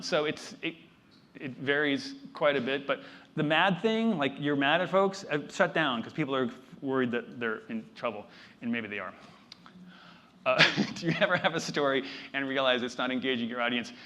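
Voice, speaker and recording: A man's voice: mid-range voice, a bit bright. A man giving a conference keynote to a live audience in a loose, conversational way, with self-deprecating jokes and asides. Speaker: keynote speaker.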